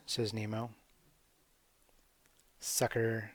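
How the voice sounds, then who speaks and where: A man's voice: medium pitch, moderate pace, no echo. A man casually commentating his gameplay with wry, sarcastic asides. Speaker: gamer commentating a speedrun.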